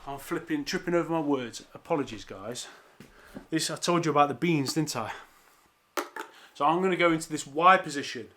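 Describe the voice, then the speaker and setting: A man's voice: on the high side, brisk, background noise. A young man coaching a follow-along home workout, encouraging and counting down, sometimes tripping over his words. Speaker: calisthenics coach. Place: home during lockdown, exercising on the floor. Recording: echoey room.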